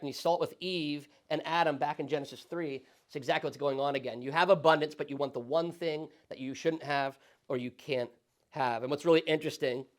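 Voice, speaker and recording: A male pastor teaching a Sunday school Bible study in a conversational, animated way, often checking in with the class. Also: a little high. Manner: conversational, animated, frequent tag questions.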